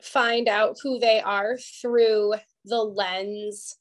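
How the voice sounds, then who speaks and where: A life coach appears as a guest on an interview podcast, telling her story candidly, emphatically and emotionally, nearly in tears at times. Her mid-range voice holds a steady tone and draws out words.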